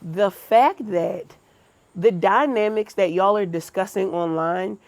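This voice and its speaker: A woman's voice: mid-range voice, takes it slowly, no room sound. A woman co-hosting a podcast, talking in a blunt, profane, opinionated way in casual chat. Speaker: podcast co-host.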